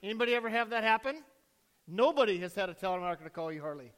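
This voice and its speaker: A man's voice: high voice, animated, rapid-fire, a bit bright, smooth. A male pastor giving a sermon, reading scripture, praying and asking the congregation questions in a conversational way. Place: church.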